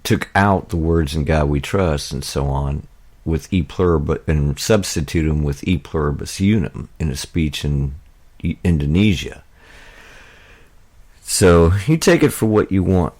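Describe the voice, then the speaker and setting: A man's voice: rumbling low, expressive, measured pace, darkish tone. An American man hosting a political talk radio show, speaking in a rambling, indignant way with many fillers and restarts.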